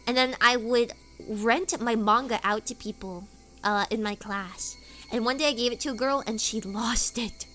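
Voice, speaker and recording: Chatty higher-voiced woman streamer. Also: moderate pace, bright, forceful tone, faint music behind. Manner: rambling, filler-heavy storytelling. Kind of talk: casual stream chat.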